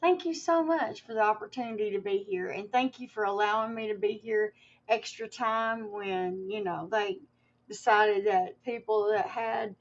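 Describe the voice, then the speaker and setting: A woman's voice: mid-range voice, normal speed, muffled recording. A woman livestreaming to her viewers in a casual, rambling way, with many fillers and restarts and some emotion.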